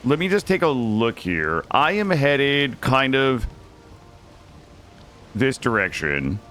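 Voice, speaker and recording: A man's voice: mid-range voice, very animated, slow, sharp tone, soft background music. A young man live-streaming a video game, talking anxiously and dramatically to his chat as he plays.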